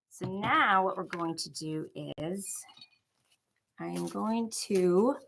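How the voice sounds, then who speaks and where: Over background noise, a young woman with a Buffalo accent from Buffalo, New York talks through a crafting tutorial in a low voice with vocal fry. As a craft vlogger she's chatty and rambling, peppering her speech with "like."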